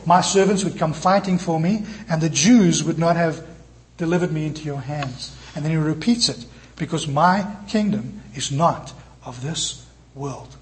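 A man preaching a sermon in church, moving between lively emphatic passages and soft, tender quoted lines. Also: a little high, slight background noise. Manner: animated preaching, quoting scripture in soft tender tones. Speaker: pastor.

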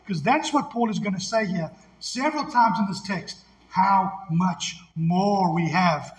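A pastor preaches in a high, ringing voice. He leans hard on key phrases and prompts his congregation to answer back. Long reverb from the church sanctuary hangs behind every line. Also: normal speed, a bit bright. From South Africa. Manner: call-and-response, emphatic, laughs easily. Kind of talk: sermon.

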